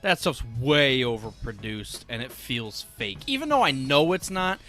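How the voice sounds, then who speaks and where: A man's voice: medium pitch, big pitch swings, moderate pace, bright, forceful tone, faint music behind. Joking, blunt male podcast co-host. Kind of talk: casual chat.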